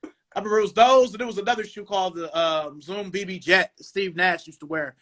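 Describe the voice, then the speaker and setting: Man in his forties, bright tense tone, highish pitch, rambling easygoing chat. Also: fairly quick, a little hiss or hum. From Cleveland, USA. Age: 40s. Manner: relaxed, rambling, lots of "um" and "you know". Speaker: podcast host. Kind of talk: casual chat. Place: home dining room.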